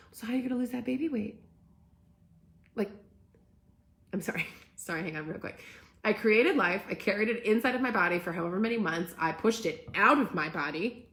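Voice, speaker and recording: A young woman hosting a live talk, speaking with passion and emphasis and often asking "right?". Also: lowish voice. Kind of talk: live-streamed casual talk, reading comments.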